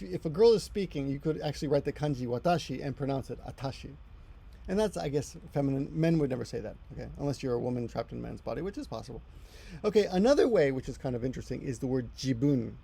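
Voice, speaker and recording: A man's voice: medium pitch, creaky, mellow. A middle-aged man giving a casual language lesson, rambling and correcting himself as he explains. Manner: rambling, self-correcting, chatty asides. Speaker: Japanese language teacher.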